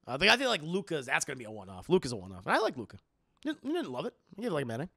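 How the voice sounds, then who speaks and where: A man hosting a casual chat show, rambling excitedly, swearing freely and laughing often. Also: fairly high pitch, racing, vocal fry, breathy edge, no echo, studio quality. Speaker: podcast host.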